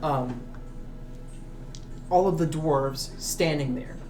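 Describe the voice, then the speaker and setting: A man's voice: fairly high pitch, takes it slowly, darkish tone, faint music behind. Hesitant man running a tabletop game. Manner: hesitant, many ums and uhs. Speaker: game master.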